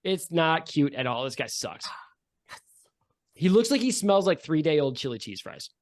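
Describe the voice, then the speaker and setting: A man's voice: fairly high pitch, sing-song, a little slow. A man running a tabletop game as game master, describing scenes loosely with many fillers and asides.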